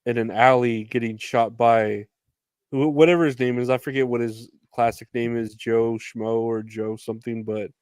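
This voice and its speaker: A man's voice: medium pitch, steady tone, moderate pace, a little mellow, clear, resonant tone, dry recording, clean studio sound. Laid-back man chatting on a podcast. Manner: laid-back, laughs easily. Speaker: podcast co-host. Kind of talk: casual chat.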